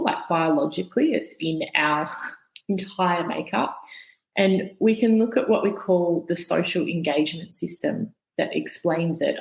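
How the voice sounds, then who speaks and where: A woman with a fairly low voice talks as a guest expert on a podcast. She teaches calmly and patiently and builds her points from everyday situations. The room around her gives a noticeable echo. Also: creaky. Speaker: guest expert on the nervous system. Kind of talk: explanatory podcast interview.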